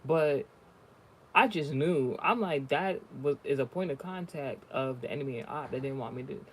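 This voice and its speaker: At a normal speed and medium pitch, a man tells stories during a spiritual reading in casual conversation, speaking bluntly and swearing freely. A little hiss or hum can be heard in the recording.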